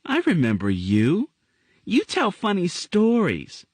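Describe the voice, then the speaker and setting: Man voicing a scared little girl, high pitched, pleading, dry close mic. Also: wildly swooping pitch, takes it slowly, slightly rough, dry recording, full character voice. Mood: timid.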